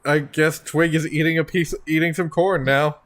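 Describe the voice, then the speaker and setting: A man running a tabletop game as game master, calmly narrating and giving rules reminders. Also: on the high side, moderate pace.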